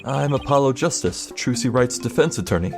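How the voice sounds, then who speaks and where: A man's voice: medium pitch, expressive, a little fast, gravelly, over music. A man voicing a polite, earnest young defense attorney who hesitates often. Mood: hesitant.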